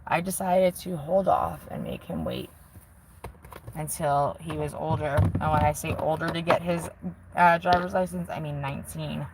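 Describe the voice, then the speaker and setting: A woman's voice: low-pitched, expressive, normal speed, heavy background noise. A woman in her forties chatting casually on a live stream from a car, candid and self-mocking, swearing freely. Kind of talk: casual rambling chat. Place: inside a car with the window open. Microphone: handheld phone.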